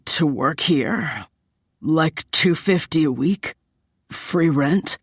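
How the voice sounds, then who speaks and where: A woman reading an audiobook, voicing a young man who keeps his voice low and even. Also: extremely slow, breathy edge, no echo, studio quality, heavily acted. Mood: puzzled.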